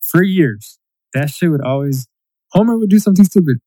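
Mellow-voiced man ranting casually. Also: fairly high pitch, normal speed, no echo, rough recording. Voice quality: mimics quotes in a raised voice. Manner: animated, profane ranting. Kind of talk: casual chat.

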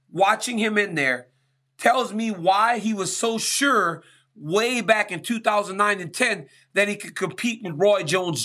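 A man's voice: high voice, sharp tone. A man hosting a sports talk show, answering listener questions in an emphatic monologue and often asking "right?". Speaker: show host.

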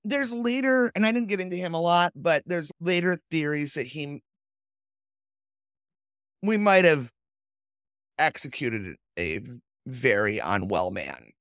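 A woman's voice: deep voice, lively intonation, measured pace, pauses often, clear, resonant tone, dry recording, studio quality. A woman hosting a podcast, reading sources aloud and chatting in a sardonic, storytelling way. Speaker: podcast host.

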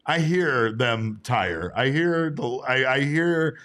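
A hoarse man talking sports on a casual podcast, excitable and given to playful rants. His pitch sits in an ordinary middle range for a man. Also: slow.

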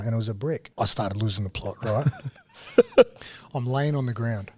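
A man, a guest casually telling stories, animated and full of slang. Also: mid-range voice, normal speed, long pauses, slightly rough, dry recording. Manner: animated, slangy, swings into excited quoting. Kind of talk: casual storytelling.

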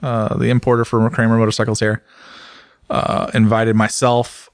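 A man's voice: on the low side, flat delivery, normal speed, clean tone, no echo, studio quality. A man co-hosting a podcast, joking and rambling through casual chat with plenty of fillers. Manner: jokey, rambling, lots of fillers. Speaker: podcast co-host and motorcycle racer.

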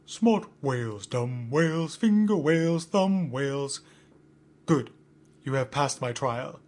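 A man's voice: mid-range voice, animated, slow, darkish tone. A man playing a stern ship's first mate who demands that his crew fear whales. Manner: stern, commanding.

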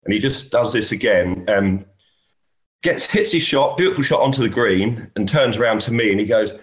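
Man, golf caddy guest, anecdotal, frequent laughter, lowish voice. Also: animated, moderate pace. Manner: laughs often while telling anecdotes. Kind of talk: storytelling in casual chat.

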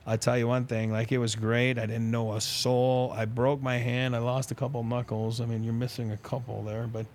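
A man's voice: mid-range voice, normal speed, slight background noise. A middle-aged man, a former pro hockey player, telling long rambling anecdotes in a casual podcast interview, acting out the dialogue. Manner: rambling, animated anecdotes with quoted dialogue and laughs.

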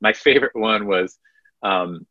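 A man co-hosting a casual sports podcast, retelling anecdotes in an animated storytelling way. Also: on the low side, measured pace, dry recording, highs cut off. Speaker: podcast co-host.

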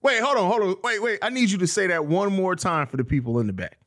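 A man co-hosting a casual sports podcast, speaking in a measured, laid-back way. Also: sits high, animated, fairly bright tone.

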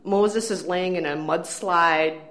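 A woman co-hosting a casual film review chat, wry and animated, poking fun at the movie. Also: on the low side, slow pace. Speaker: film critic co-host.

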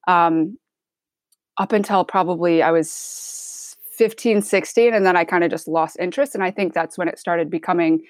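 Speaking at a fairly low pitch and normal speed, this Michigan-born chef, her accent half Midwestern, chats openly in an interview. She's relaxed and candid, using plenty of filler words, and there's no room sound.

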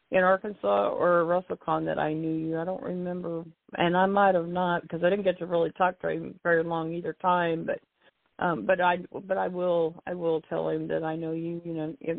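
A woman's voice: on the low side, gravelly, dry recording. An older woman chatting casually about her time among wrestling fans, rambling and repeating herself. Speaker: guest, wrestling fan. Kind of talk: casual phone chat. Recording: tinny dry phone line.

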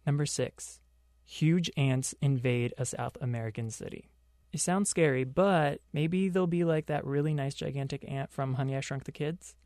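A man's voice: fairly high pitch, moderate pace, darkish tone, no echo, clean studio sound. A young man hosting a pop culture podcast on his own, delivering sarcastic commentary full of joking asides. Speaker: podcast host.

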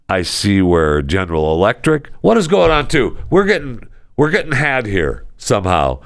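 Gravelly sarcastic podcast host, man. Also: fairly low pitch, sing-song, moderate pace, no room sound, studio quality. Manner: sarcastic, exasperated, swings into mock voices. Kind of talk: casual comedic talk-show rant.

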